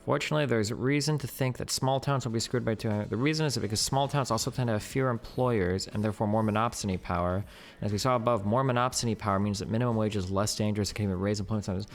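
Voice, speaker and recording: A man's voice: lowish voice, very fast, soft background music. A man streaming live, reading an article aloud and questioning it as he thinks aloud, with many "like"s.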